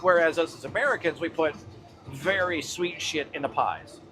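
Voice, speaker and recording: A man's voice: fairly high pitch, normal speed, music in the background. A man hosting a livestream from his truck cab, talking loosely with his chat and swearing casually as he drives.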